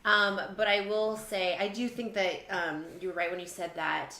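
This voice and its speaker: A woman's voice: mid-range voice, fairly even intonation, moderate pace, bright, forceful tone. A woman therapist talking casually on a panel, full of "um" and "like" fillers. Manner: chatty, many fillers like "um" and "like". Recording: roomy studio with faint background noise.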